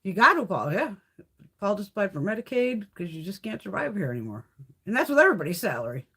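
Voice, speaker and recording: Profane, husky-voiced woman. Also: medium pitch, big pitch swings, fast, a bit bright. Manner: blunt, profane storytelling with snarky asides. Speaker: beauty livestream host. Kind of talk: casual chat.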